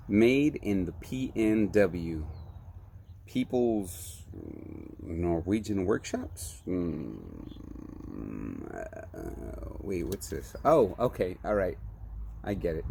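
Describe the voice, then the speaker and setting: Low-voiced man joking through a cider tasting. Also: gravelly, mellow, husky. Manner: playful, joking, reads label aloud. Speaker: beer review vlogger. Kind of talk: casual tasting vlog.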